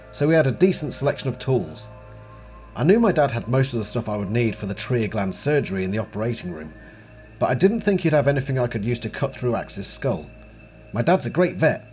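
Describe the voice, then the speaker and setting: A chatty man reviewing a book series, mixing casual commentary with passages read aloud. His pitch moves a lot and he reads with expression. Faint music runs underneath. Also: darkish tone.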